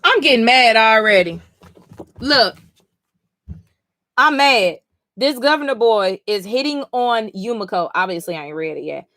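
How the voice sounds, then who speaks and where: A woman hosting a live comic-reading stream, reacting in an animated, profane, exclaiming way. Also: on the high side, unhurried, pauses often, no room sound. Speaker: comic-reading livestream host.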